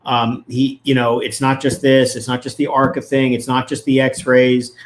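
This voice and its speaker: A man's voice: mid-range voice, flat delivery, moderate pace. A man, a lawyer, giving legal analysis as a guest in a casual interview, arguing his points emphatically and with indignation.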